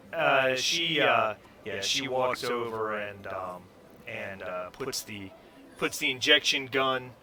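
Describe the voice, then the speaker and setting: A man running a tabletop game as game master, narrating haltingly with many restarts. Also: mid-range voice, sharp tone. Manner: halting, full of fillers and restarts.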